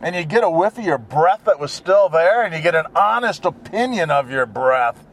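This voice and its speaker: Middle-aged guy rambling while he drives, really animated voice, grumbles at other cars. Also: fairly high pitch, moderate pace, few pauses. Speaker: vlogger. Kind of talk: casual chat while driving. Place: in a car.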